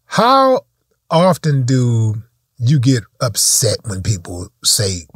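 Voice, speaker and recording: A man's voice: mid-range voice, takes it slowly, slightly rough, no room sound, clean studio sound. A man in a casual chat who asks questions and often restarts his sentences. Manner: stammering restarts, animated.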